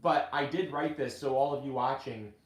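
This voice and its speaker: A man hosting a casual gardening video, chatting in a halting way with many restarts. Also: mid-range voice, echoey room. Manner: chatty, halting restarts, gets choked up reading. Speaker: gardening channel host and author. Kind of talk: casual live video chat.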